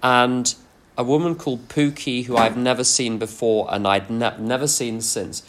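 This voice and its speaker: Man, mid-pitched, workshop speaker sharing self-deprecating stories; frank, unpolished delivery. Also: steady tone, normal speed. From England. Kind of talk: workshop talk with personal anecdotes.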